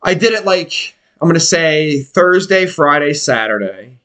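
A man's voice: fairly high pitch, lively intonation, a little slow, fairly bright tone. A man in his forties from Pennsylvania, telling profane, rambling stories in casual podcast chat. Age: 40s.

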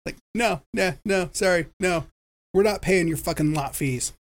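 Guy with a pretty high voice, chatting with his cohost, lots of mm-hmms and laughs. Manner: quick back-channel replies, laughs along, swears casually. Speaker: podcast co-host. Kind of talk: casual livestream chat.

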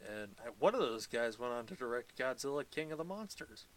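A man's voice: mid-range voice, lively intonation, a little fast. A man co-hosting a podcast, recapping a movie in casual chat, laughing often and swearing freely. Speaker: podcast co-host.

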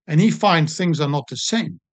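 An older man, a sports doctor telling stories in a relaxed interview, with frequent pauses and ums. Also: on the high side, dry recording. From New Zealand. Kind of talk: casual storytelling interview.

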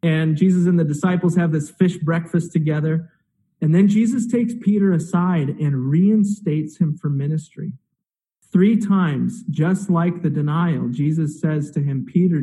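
A male pastor preaching a sermon in a storytelling way. His voice sits a little high for a man yet sounds mellow and warm, and he throws in rhetorical questions as he goes. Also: rough recording. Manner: storytelling, acts out quoted speech, asks rhetorical questions.

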